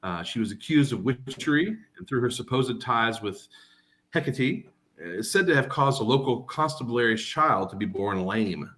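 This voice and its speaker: A man's voice: mid-range voice, lively intonation, normal speed, fairly bright tone, lightly acted. A man voicing a nervous, timid little man in a tavern who stammers and hesitates. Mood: calmer storytelling.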